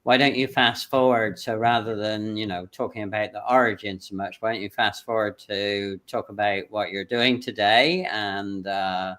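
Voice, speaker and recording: A British man hosting a livestream interview over a video call, speaking loosely with many fillers and pauses. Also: fairly low pitch, fairly even intonation, fairly bright tone. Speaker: livestream host.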